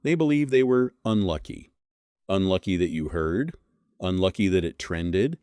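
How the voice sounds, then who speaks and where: A man's voice: sits low, expressive, moderate pace, a little mellow, clear, resonant tone, no echo, studio quality. A man delivering a scripted commentary monologue, blunt and scornful, leaning hard on single words. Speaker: commentary host.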